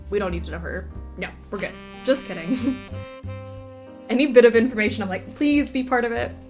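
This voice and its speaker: A woman streaming a mystery game, chatting and thinking out loud as she reads the game's text aloud. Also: medium pitch. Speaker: gaming streamer. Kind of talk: casual let's-play commentary, reading game text aloud.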